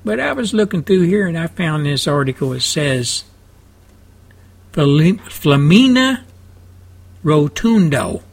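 Texan guy on talk radio, slow drawl, rambly and folksy, kinda high voice. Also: big pitch swings, gravelly, slightly rough. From South Texas. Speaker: radio show host. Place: radio studio.

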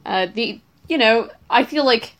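A woman in a casual podcast chat, talking in a relaxed way and thinking aloud. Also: on the high side, unhurried.

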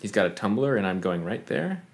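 Male co-host, lively jokey banter, faint hiss under the voice. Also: moderate pace. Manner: jokey, breaks into silly high impressions. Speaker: podcast co-host. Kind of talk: casual podcast banter.

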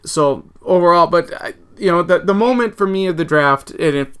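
A man co-hosting a casual sports podcast, rambling and animated with mock outrage at rival teams. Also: sits high, moderate pace, clear, resonant tone. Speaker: podcast co-host.

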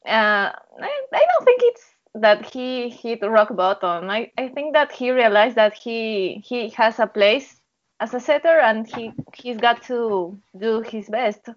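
A woman co-hosting a podcast in casual chat. She is thoughtful and halting and often repeats words. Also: fairly high pitch, lively intonation. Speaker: podcast co-host. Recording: dull lo-fi sound.

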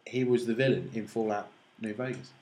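A man's voice: fairly low pitch, fairly even intonation, fairly quick, crowd noise. Guy on a games podcast dropping trivia, casual, swears a bit. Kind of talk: casual chat about video games.

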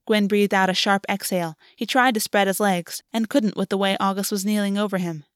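A woman's voice: mid-range voice, steady tone, brisk, clear, resonant tone, no echo. Woman reading a story, dry sound. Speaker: audiobook reader. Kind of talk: reading fan fiction aloud.

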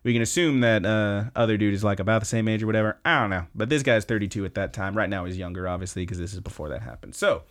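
Male podcast host, casual rambling recap, animated, loose and profane. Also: lowish voice, quick pace, few pauses.

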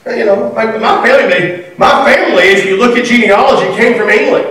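A man preaching a sermon in a conversational, animated way, acting out the voices he quotes. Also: high-pitched, fairly quick, few pauses. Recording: echoey room from far off.

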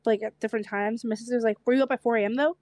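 A young woman co-hosting a casual podcast chat, speaking with a slight stutter and a lisp, chatty and quick to laugh. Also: on the high side, fairly even intonation, darkish tone, dry recording. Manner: chatty, quick to laugh, repeats herself when tired. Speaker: podcast co-host.

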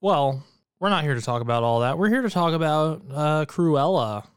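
A man's voice: on the high side, expressive, moderate pace, smooth, no echo, clean studio sound. A man co-hosting a podcast in casual chat, joking and sarcastic. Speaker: podcast co-host.

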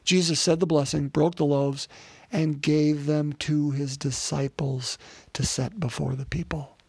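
A man's voice: on the high side, fairly even intonation, unhurried, creaky, darkish tone, husky, dry recording. A man preaching a sermon in an earnest way, with frequent restarts and rhetorical questions.

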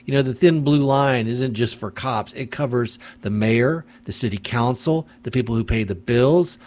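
A man's voice: mid-range voice, moderate pace, a little mellow. A man hosting a radio talk show, delivering an angry, impassioned monologue from a studio mic. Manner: angry, indignant, ranting.

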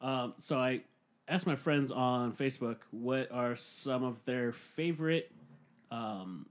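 A man chats on a casual podcast at an ordinary, middle pitch. He jokes around with his friends, laughs a lot and drops the odd swear word. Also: slow pace. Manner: joking, laughs often, swears. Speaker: podcast host. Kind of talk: casual chat.

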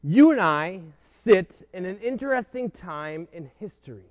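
A man preaching an earnest sermon, pausing often and posing rhetorical questions to his listeners. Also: fairly high pitch, a little mellow. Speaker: pastor. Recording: dull lo-fi recording.

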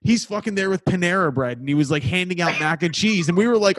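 A young man, a touring musician, chatting casually. He tells excitable stories and swears freely. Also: high voice, a little fast. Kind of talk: casual chat.

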